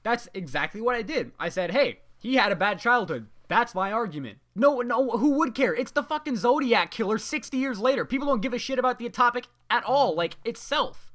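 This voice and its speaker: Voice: mid-range voice, a bit bright. Exasperated young adult student ranting. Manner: exasperated, profane, heavy on "you know" fillers. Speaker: student venting about a graded paper. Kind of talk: ranting vlog monologue.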